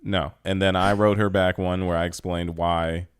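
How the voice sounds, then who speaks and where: A man's voice: sits low, level tone, moderate pace, smooth. A man co-hosting a podcast who talks in casual, teasing banter. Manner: teasing, laid-back banter. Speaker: podcast co-host. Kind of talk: casual chat.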